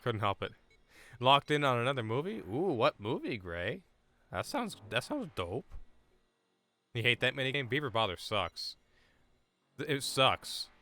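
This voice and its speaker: Excitable swearing man streaming a game. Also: mid-range voice, a little slow, pauses often. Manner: excitable, swears, sudden loud outbursts. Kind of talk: live gameplay commentary.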